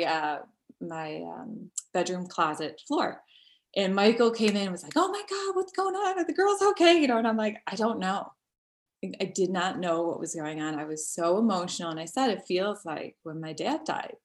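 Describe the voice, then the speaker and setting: A middle-aged woman recounting a personal story as an interview guest, halting and tender with many pauses and restarts. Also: lowish voice.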